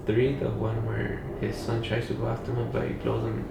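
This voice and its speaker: Heavy background noise fills this echoey recording, made with a far-off mic. A young adult man from Pacoima, Los Angeles, speaks in a gravelly, monotone mid-range voice at normal speed. He's a podcast guest rambling through a casual story full of "like" and "you know."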